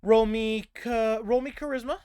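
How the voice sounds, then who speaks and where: A man narrating and running a tabletop role-playing game as game master, lively and animated with sudden loud bursts. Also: very high-pitched, normal speed, clean tone, no room sound.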